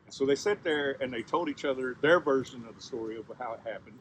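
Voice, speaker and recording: A man telling a traditional story in a conversational, animated way, often turning to address his listeners directly. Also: mid-range voice, fast talker, slight background noise. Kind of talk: oral storytelling.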